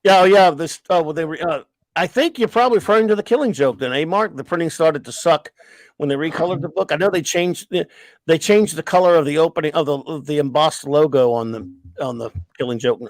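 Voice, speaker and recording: A middle-aged man with a fairly high voice tells long, rambling, profane stories in a casual host's chat. His voice sounds dry and close, with no room around it. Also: a little fast, no room sound. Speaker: livestream host.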